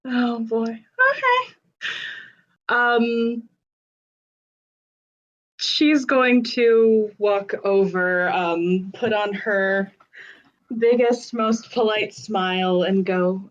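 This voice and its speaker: A woman's voice: medium pitch, very slow, long pauses, highs cut off. A young woman playing a tabletop game, describing her character's actions in a chatty way with many fillers. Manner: chatty, with lots of fillers and laughs. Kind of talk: casual role-play narration.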